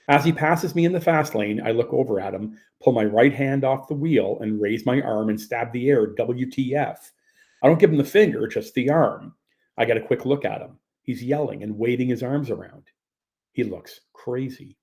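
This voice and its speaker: A man's voice: medium pitch, darkish tone. A man narrates his own memoir in the first person. His delivery is tense and full of casual profanity, in an ordinary mid-range voice. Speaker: author reading his own story.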